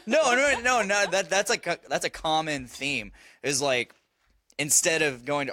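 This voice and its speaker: A man's voice: fairly high pitch, normal speed, pushed and bright, dry recording. A man telling a parenting story on a casual podcast, swearing and laughing as he goes. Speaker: podcast host; father.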